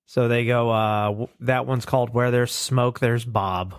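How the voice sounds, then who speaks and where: A man's voice: medium pitch, unhurried, clear, resonant tone, no echo. A man co-hosting a podcast, casually retelling a cartoon and jumping into voices for the characters. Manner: animated retelling, acts out lines. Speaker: podcast co-host. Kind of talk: casual chat, recapping a cartoon.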